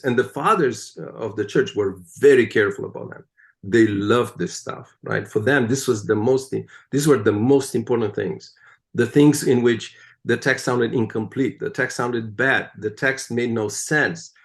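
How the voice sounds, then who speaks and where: A man being interviewed, explaining at length in an animated, emphatic way and often checking in with "right?". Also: mid-range voice, moderate pace. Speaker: guest, translator of the Psalms. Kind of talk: conversational interview.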